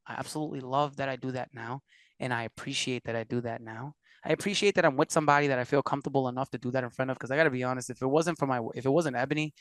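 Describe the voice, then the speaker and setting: In a casual interview, a man from Puerto Rico who works as a musician and producer spins lively stories, acting out what people said. His medium-pitched voice comes through without any room sound.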